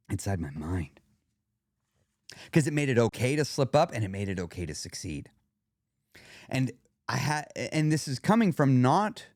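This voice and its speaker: A man hosting a weight loss podcast, coaching the listener directly in a lively monologue. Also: a little high, no echo, studio quality. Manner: animated, coaching, talks straight to the listener.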